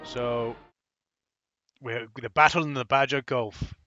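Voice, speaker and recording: A man's voice: medium pitch, fairly even intonation, takes it slowly, pushed and bright, no echo. A man giving casual, joking commentary while he plays a video game for the first time, swearing often. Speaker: gameplay commentator. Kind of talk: casual let's-play commentary. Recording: slightly dull lo-fi with faint game music.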